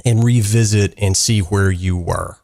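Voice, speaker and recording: A man's voice: lowish voice, fairly even intonation, unhurried, gravelly, a little mellow. A man hosting a drumming podcast, chatting casually and laughing easily. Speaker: podcast host. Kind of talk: casual chat.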